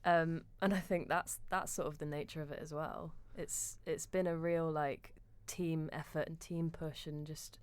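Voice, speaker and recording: A woman's voice: sits low, steady tone, measured pace, few pauses, clean tone. A woman with a southern English accent, a musical theatre actor and guest, speaking thoughtfully and searching for her words. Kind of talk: casual chat.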